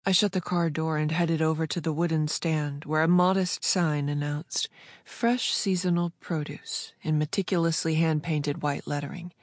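A woman narrating fiction in a smooth, measured storytelling voice. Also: low voice, steady tone, no echo, clean studio sound. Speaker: audiobook narrator. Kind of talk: scripted narration.

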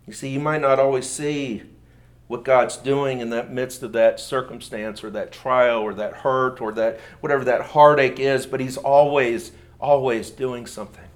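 A man's voice: medium pitch, fairly even intonation, normal speed. A man preaching a sermon in an earnest manner, often repeating words as he goes. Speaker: pastor.

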